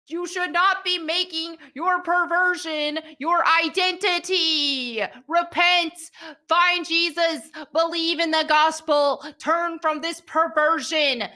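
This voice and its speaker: A high, bright-voiced woman hosting a live commentary show. She talks at an unhurried pace and comes across blunt and sarcastic while reacting to what she reads. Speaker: livestream show host.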